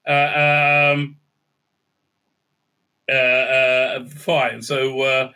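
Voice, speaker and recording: A man's voice: medium pitch, little pitch movement, very slow, bright, forceful tone, smooth. A man hosting a casual, ranting review recap, crude and sarcastic with lots of fillers. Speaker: show host, TV reviewer.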